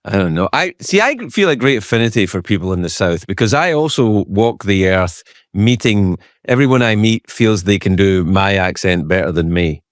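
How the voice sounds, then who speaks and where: Male podcast host, mock-serious joker, medium pitch, lively delivery, dead-dry studio sound. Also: moderate pace, hardly any pauses, dry recording. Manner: joking, mock-serious, slips into quoted voices. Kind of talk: casual interview chat.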